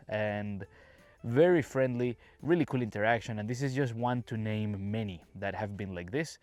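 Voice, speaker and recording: A man's voice: on the low side, normal speed, no room sound, soft background music. Venezuelan man chatting on a podcast. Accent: Venezuelan Spanish. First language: Spanish. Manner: chatty and relaxed, acts out quoted dialogue. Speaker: English teacher and podcast host. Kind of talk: casual podcast talk for English learners.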